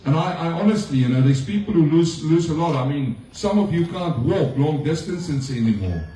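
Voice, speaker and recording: A man's voice: on the high side, expressive, normal speed, warm tone, distant mic, a little hiss or hum. A male pastor giving a conversational sermon to his congregation, often asking them questions. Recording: echoey room, speaker off-mic.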